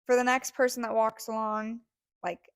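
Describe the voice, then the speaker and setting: A woman's voice: on the high side, flat delivery, normal speed, slight background noise. A young woman co-hosting a podcast, telling a story in a casual, gushing way with many fillers, close to tears. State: near tears. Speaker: podcast co-host.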